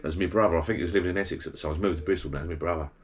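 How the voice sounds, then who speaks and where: Deep-voiced bloke rambling. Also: male voice, steady tone, very fast. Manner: chatty, meandering, blokey storytelling with self-corrections. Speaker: vlogger. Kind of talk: rambling anecdotal monologue to camera. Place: backyard garden bar shed.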